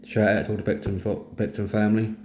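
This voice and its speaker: A man's voice: lowish voice, monotone, fast talker, darkish tone. A middle-aged man with a Cockney accent from East London, talking candidly and bluntly about his mental health. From East London, England. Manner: plain-spoken, earnest, blunt. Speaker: host of a mental health talk. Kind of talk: candid personal monologue. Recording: echoey room with faint noise.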